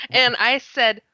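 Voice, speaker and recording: Bright-voiced woman telling a lively story. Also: a little high, no echo. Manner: lively, laughs often, acts out her own quoted words. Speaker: guest. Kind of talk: animated first-person storytelling. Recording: slightly muffled lo-fi sound.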